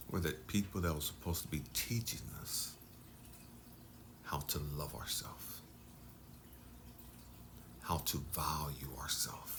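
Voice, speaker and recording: A man speaking as a life coach in an intense motivational talk, dropping to hushed near-whispers and then surging for emphasis. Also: a bass voice, takes it slowly, long pauses, background noise.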